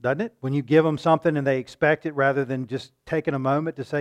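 A man preaching a sermon, asking his listeners questions and acting out loud pleas now and then. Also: medium pitch, fast. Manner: shifts between calm teaching and loud acted-out pleading; rhetorical questions to the congregation.

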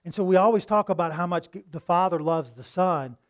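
A high-voiced man delivers a conversational sermon, reading scripture slowly and asking rhetorical questions.

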